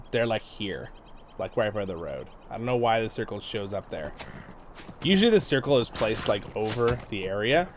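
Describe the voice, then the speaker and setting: Chatty, animated man streaming a game. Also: on the low side, slight background noise. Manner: chatty and rambling, laughs often. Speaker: livestream host and guide. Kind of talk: casual gameplay commentary.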